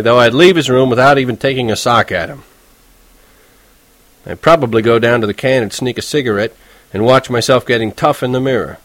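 A man's voice: mid-range voice, fairly bright tone, no echo. A man narrating a novel in the first person, in a conversational, wry and self-deprecating way. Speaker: audiobook narrator.

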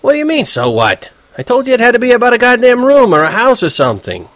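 A man voicing a vain, bossy male prep-school student in an audiobook, with loud scolding outbursts. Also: mid-range voice, animated, quick pace, dry recording, pitched above the performer's own voice, natural voice. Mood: furious, scolding.

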